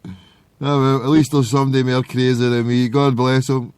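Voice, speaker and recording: A man's voice: medium pitch, level tone, moderate pace. A Glaswegian man hosting a call-in show, boisterous, laughing and swearing a lot. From Scotland. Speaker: show host. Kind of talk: crude casual call-in chat.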